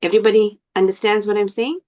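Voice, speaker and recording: A woman teaching an online class, speaking slowly and deliberately and often checking whether her students understand. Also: mid-range voice, steady tone, darkish tone. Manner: slow, deliberate, asks the class questions. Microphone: video call. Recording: dull lo-fi video call audio.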